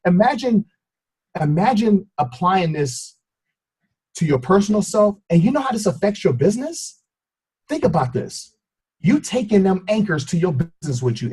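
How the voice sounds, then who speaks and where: Husky-voiced man giving an emotional motivational talk. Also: sits high, a little mellow, low-quality recording. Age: adult with a child. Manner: emotional, preacher-like, addresses listeners as y'all. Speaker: fitness coach. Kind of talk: motivational team call talk.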